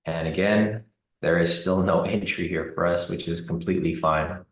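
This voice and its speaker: A man giving relaxed live commentary on a trading chart, thinking aloud with fillers. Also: low voice, moderate pace, roomy sound, low-quality recording. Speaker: trading streamer.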